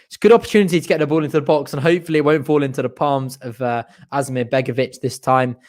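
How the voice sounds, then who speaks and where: Excitable young man doing fan commentary. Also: mid-range voice, fast. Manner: partisan, groans and shouts at chances, urges team on. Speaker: fan commentator on a live watch-along.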